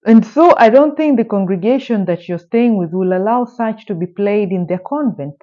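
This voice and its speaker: A woman's voice: mid-range voice, animated, normal speed, warm tone, muffled recording. A woman telling a true story in a casual storytime style, emphatic and indignant, with rhetorical questions.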